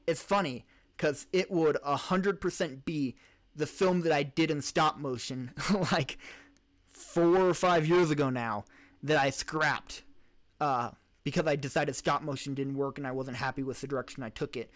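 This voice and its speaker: This is a male streamer with a voice slightly above the usual pitch. He hosts a relaxed live Q&A, answering chat questions off the cuff. He rambles, restarts and corrects himself, and talks into a desk mic. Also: moderate pace. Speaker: podcast host and live streamer.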